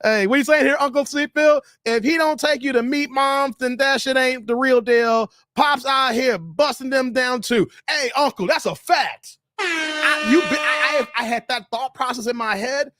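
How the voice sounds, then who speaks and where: A man's voice: very high-pitched, normal speed, sharp tone, dry recording, clean studio sound, faint music behind. A man hosting a live stream, joking in slangy casual chat and reading out viewer messages.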